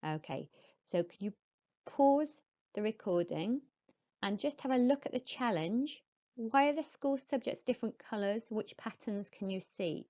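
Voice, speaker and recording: A woman teaching French to young pupils, modelling each word slowly and clearly and explaining in patient, encouraging teacher talk. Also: fairly high pitch, lively intonation, warm tone, muffled recording. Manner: slow, clear modelling of words for pupils to repeat. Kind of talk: recorded classroom lesson.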